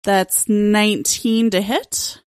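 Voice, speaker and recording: Slow, unhurried woman player. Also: mid-range voice, fairly even intonation, a little hiss or hum. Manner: unhurried, counting dice aloud. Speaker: player in a tabletop game. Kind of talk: casual tabletop game talk.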